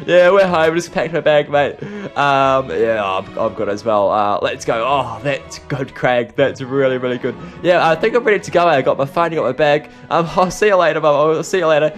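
Brief: young Aussie bloke, higher voice, bubbly role-play host, faint music bed. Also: male voice. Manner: excitable, chatty, lots of laughs. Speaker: video host. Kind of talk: improvised game role-play.

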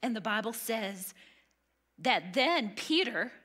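A woman teaching a women's Bible study, earnest and emphatic, sometimes dropping to a hush. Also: on the high side, expressive, slow pace, breathy edge. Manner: earnest, emphatic, drops to a hush on key lines.

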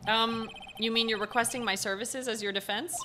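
A woman voicing a young male defense attorney in a calm, wry reading close to her own voice. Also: a little high, fairly quick, noisy background, close to an everyday voice.

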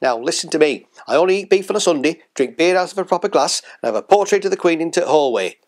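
A man's voice: a little high, animated, fast talker. A man playing a stubborn, blunt older patient with a Yorkshire accent in a satirical sketch. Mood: grumbling. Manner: blunt, bossy, grumbling. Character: gruff old northern English patriot, stubborn.

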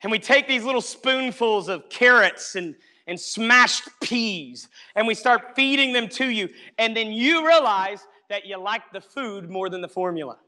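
A man's voice: high voice, lively intonation, measured pace, few pauses, pushed and bright. A male pastor preaching a sermon, emphatic and repetitive, often calling out to the congregation to listen. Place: church sanctuary. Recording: long hall reverb.

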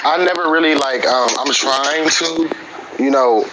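A man on a live stream, talking haltingly with many fillers and then reading a personal letter aloud. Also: a little high. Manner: halting, hesitant, full of fillers and restarts. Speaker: participant in a live-stream group session. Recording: noisy live-stream audio.

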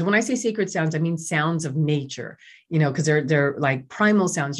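A middle-aged woman, a doctor guest in an interview, talking in an enthusiastic, chatty way with many fillers. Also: sits low. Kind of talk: casual interview talk.

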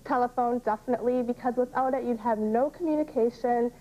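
A woman's voice: a little high, a little fast, dark tone. A woman contestant on a televised dating game, answering questions in a chatty, giggly way. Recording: dull lo-fi old TV tape, faint hiss.

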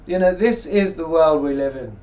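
A man with a fairly high voice gives a rambling, conversational commentary and reads scripture at a slower pace. He sits in a chair away from the microphone, and the recording sounds muffled and lo-fi. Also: a little mellow. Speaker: religious video blogger. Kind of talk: casual commentary and scripture reading. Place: indoors, seated in a chair. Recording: distant mic, dull lo-fi sound.

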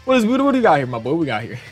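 Excitable young man with a high voice. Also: racing, slightly rough, soft background music. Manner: excitable, profane, laughs often. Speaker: gaming channel host. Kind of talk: casual reaction commentary.

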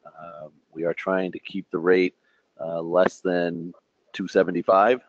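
A low-voiced man dialed into a conference call, giving an event update. He hesitates often and pads his sentences with "uh" and "um". His voice comes through muffled. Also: little pitch movement, unhurried, dry recording. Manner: hesitant, many fillers. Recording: muffled, faint phone line.

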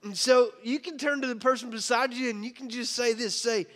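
A man's voice: extremely high pitch, fairly even intonation, a little fast, a bit bright, big-room sound. A man preaching a sermon as pastor, casual and joking, acting out the people in his story. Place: church hall.

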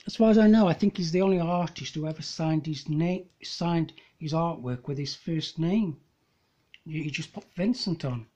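A man's voice: fairly high pitch, normal speed, darkish tone, husky. A man talking about paintings in a casual, rambling way, often stopping to hesitate and correct himself. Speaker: amateur painter presenting his copies. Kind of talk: casual narrated slideshow. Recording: dull lo-fi home recording.

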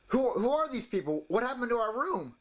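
A man's voice: very high-pitched, sing-song, a little fast, noisy background. A man doing a whiny exasperated homeowner. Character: whiny, easily upset adult man homeowner.

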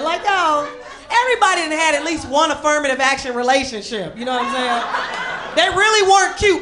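A young woman from Chicago doing a sassy, animated stand-up set on a club stage, jumping into high quoted voices for the people in her jokes. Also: noisy background. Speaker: stand-up comedian.

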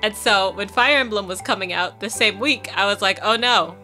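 A woman's voice: medium pitch, fairly quick, sharp tone, faint music behind. A young woman streamer chatting casually on a live game stream, rambling with lots of fillers and laughter.

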